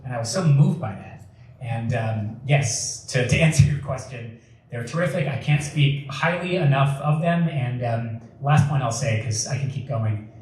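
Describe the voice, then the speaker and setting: A man's voice: medium pitch, measured pace, a little hiss or hum. A young man speaking passionately as a guest speaker at a public talk, earnest and emphatic. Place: community center hall. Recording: echoey hall from far off.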